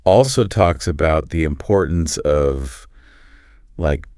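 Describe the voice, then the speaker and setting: A man's voice: a bass voice, lively intonation, takes it slowly, a little mellow, dry recording, studio quality. A man co-hosting a podcast in casual chat, easygoing and affirming as he leads the topics. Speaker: podcast co-host.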